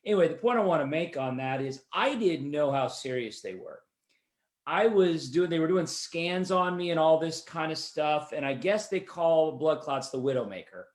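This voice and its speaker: A man's voice: on the high side, animated, moderate pace. A man hosting a podcast, telling a rambling personal story in a chatty, self-deprecating way. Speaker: podcast host. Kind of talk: casual anecdotal storytelling.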